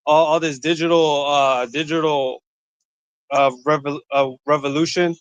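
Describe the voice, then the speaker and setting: A man's voice: on the high side, fairly even intonation, clear, resonant tone, no room sound. A man co-hosting a talk, chiming in casually and agreeing, stumbling over his words. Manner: casual, agreeing, halting with fillers.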